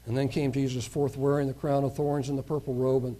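A man's voice: medium pitch, level tone, fast, dark tone. A male preacher giving a sermon, reading a scripture passage aloud and stopping to comment on it in his own words.

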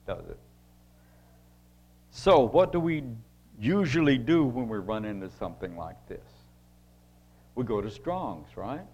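A man teaching a Bible lesson to a group in a halting, conversational way, reading scripture passages aloud. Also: on the low side, darkish tone. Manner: halting, with restarts, reads scripture aloud slowly. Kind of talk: sermon-style Bible teaching.

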